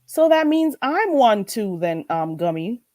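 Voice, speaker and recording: A woman with a Caribbean accent hosting a casual livestream chat, emphatic and animated, often laughing as she talks. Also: fairly high pitch, a little slow, no room sound. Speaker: livestream host.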